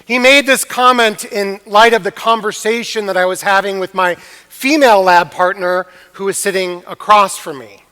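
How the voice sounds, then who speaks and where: A man preaching a chapel sermon, telling a story earnestly with emphatic pauses. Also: high voice, steady tone, bright, forceful tone, clean tone. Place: university chapel. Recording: long reverb of a chapel.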